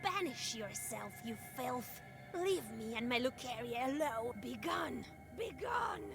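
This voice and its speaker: A wild-eyed village madwoman from a game, drawling slowly in a highish voice. She croons protectively and snarls at intruders. Game music sits clearly under her. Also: animated. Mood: furious. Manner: crooning, then shrieking curses. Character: crazed village holy fool woman, fiercely protective. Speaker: game character. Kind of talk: video game voice acting.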